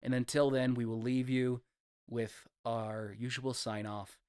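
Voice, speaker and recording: A man co-hosting a movie podcast, talking in an easygoing, deadpan way with plenty of pauses. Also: mid-range voice, smooth, no echo, clean studio sound. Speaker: podcast co-host. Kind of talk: casual chat.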